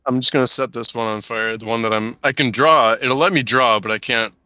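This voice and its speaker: A man's voice: mid-range voice, fairly even intonation, brisk, sharp tone, clean tone, dry recording. A man playing a tabletop game, thinking aloud and unsure. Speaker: player. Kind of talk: casual game chat.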